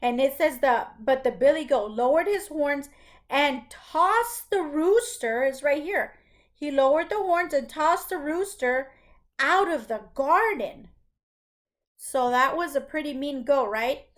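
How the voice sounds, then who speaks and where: A woman's voice: high-pitched, lively intonation, a little slow. A woman teaching first grade, reading a story aloud and patiently explaining it to young children. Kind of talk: classroom read-aloud lesson.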